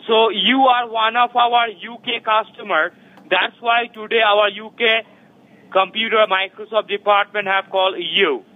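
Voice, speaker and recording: A man's voice: sits high, steady tone, measured pace. A man with an Indian accent making an insistent scam sales call in broken English, over the phone. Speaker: scam caller. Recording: tinny phone line.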